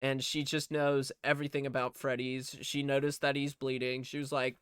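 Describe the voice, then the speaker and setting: A man's voice: medium pitch, level tone, moderate pace, few pauses, a bit bright, smooth, no echo, clean studio sound. A man casually recapping a movie plot in a rambling, profane way, with lots of fillers. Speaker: movie reviewer.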